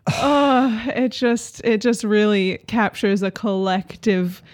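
A woman's voice: medium pitch, slow, no echo, studio quality. A woman co-hosting a podcast in casual chat, giggly and sympathetic. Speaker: podcast co-host.

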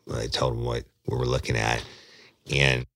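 A former detective telling a true crime story in a rambling, folksy way, swearing casually. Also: male voice, rumbling low, level tone, normal speed, gravelly, fairly bright tone, no echo, clean studio sound.

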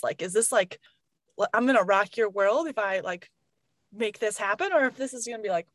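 A woman's voice: on the high side, brisk, no echo. A woman in her thirties, a mother of three and a professor, chatting casually and acting out what others say, laughing often. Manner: animated, acts out quoted voices, laughs often. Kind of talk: casual chat.

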